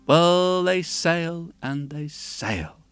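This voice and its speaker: Male folk-tale teller, unhurried and lilting, high pitched, close and dry, with quiet guitar underneath. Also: animated, clear, resonant tone, no echo. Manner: unhurried, lilting, folksy asides to the listener. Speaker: storyteller. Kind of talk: oral storytelling. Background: soft guitar.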